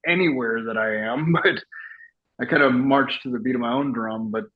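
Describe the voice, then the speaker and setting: A middle-aged man telling stories in a relaxed interview, looping back on himself and restarting sentences as he goes. His voice sits at an ordinary male pitch. The sound is a little dull and lo-fi. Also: moderate pace. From Texas. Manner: rambling storyteller, many restarts and laughs. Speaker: guest, actor and retired soldier. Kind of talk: casual interview chat.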